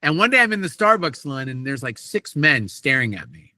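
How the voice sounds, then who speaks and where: A man guesting on an interview podcast, telling animated stories about his acting work and acting out the quotes. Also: fairly high pitch, brisk, dry recording. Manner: animated anecdotes with acted-out quotes. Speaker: voice actor guest. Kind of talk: casual interview storytelling.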